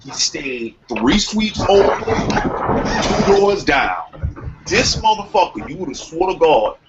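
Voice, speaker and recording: A young man telling a long story in casual podcast chat, profane and animated, acting out quotes. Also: on the high side, takes it slowly. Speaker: podcast co-host. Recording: muffled lo-fi sound with faint noise.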